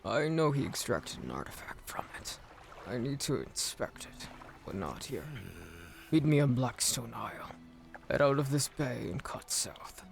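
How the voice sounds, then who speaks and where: A gravelly, mysterious British stranger, as a man puts him on for a game, measured and secretive. His deep voice swoops up and down as he makes his offer. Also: lively intonation. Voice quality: deeper, gravelly. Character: mysterious scheming male stranger, adult.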